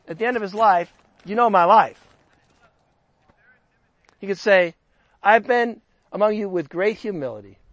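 A man's voice: sits high, a bit bright, no echo. A man preaching a sermon, chatting in a conversational way and lifting his voice for emphasis when he reads scripture. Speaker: pastor.

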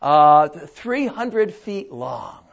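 A patient God gives plain, matter-of-fact answers, as an older preacher puts him on. The voice is high and the recording is dull. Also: male voice, sing-song, moderate pace, a bit bright, heavily acted.

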